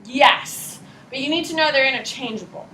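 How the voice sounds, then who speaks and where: A woman teacher giving a chatty, animated classroom lecture, often checking in with her students. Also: sits high, moderate pace, a little hiss or hum. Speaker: high school teacher. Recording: roomy classroom echo.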